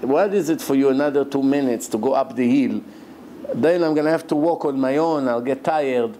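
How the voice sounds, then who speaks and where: A man's voice: medium pitch, moderate pace, mellow, a little hiss or hum, lightly acted, low-quality recording. A man doing a stubborn, demanding old man. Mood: insistent. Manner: insistent, complaining, later furious.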